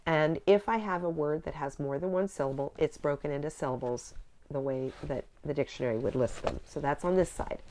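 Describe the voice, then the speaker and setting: A middle-aged woman teaching a spelling method, explaining clearly and coaching a student step by step. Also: low voice, fairly quick, warm tone, slight background noise. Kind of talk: instructional demonstration.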